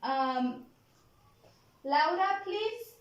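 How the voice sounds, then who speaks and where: A woman teaching a vocabulary lesson in a classroom. She models each word slowly and keeps checking in with "okay?". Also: high voice, animated, highs cut off. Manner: slow, deliberate modeling of pronunciation, frequent "okay?" checks. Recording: very echoey classroom.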